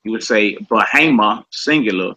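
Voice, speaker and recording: Bright-voiced man teaching a casual class. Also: fairly low pitch, poor audio. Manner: relaxed conversational, repeats words slowly for the class. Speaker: Hebrew language teacher.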